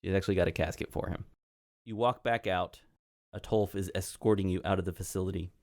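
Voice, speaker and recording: A man runs a tabletop game, narrating in an easygoing, conversational way. His voice is low and recorded close and dry. Small fillers slip into his descriptions. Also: fairly even intonation, fast talker, darkish tone, no room sound. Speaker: game master.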